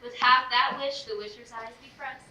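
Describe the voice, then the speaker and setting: An actress playing a gentle, modest young woman in love, speaking soft, measured verse on a live stage. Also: fairly high pitch, fairly even intonation, muffled recording, very noisy, close to an everyday voice. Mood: tender. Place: theater stage. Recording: echoey stage, recorded from far off.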